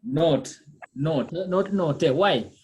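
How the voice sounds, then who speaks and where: A language teacher drilling pronunciation in class, with a voice that swings up and down a lot. The pitch sits in a middle register, and the teacher keeps firing questions and confirming with short check-ins. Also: animated, extremely slow, darkish tone, a little hiss or hum. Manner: quizzing, checks in with "okay?" and "eh?"; repeats and drills words patiently.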